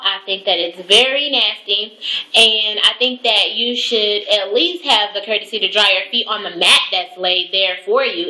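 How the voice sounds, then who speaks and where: A woman's voice: mid-range voice, bright, forceful tone. A young woman ranting profanely and with exasperation in a casual home vlog, speaking to her camera. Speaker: vlogger. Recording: echoey room.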